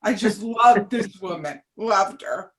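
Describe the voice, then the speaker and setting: A woman's voice: mid-range voice, animated, slow pace, fairly bright tone. A woman in her seventies from New Jersey, reminiscing as an interview guest, hesitant, with many ums and restarts. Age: 70s. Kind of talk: casual reminiscing chat.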